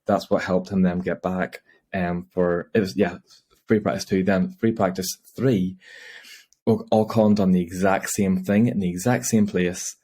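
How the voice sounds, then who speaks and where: A low-pitched man co-hosts a casual podcast chat. He rambles cheerfully, laughs often and slips into quoted voices as he tells stories. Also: steady tone, measured pace, a little mellow, breathy edge. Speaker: podcast co-host. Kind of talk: casual chat about motor racing.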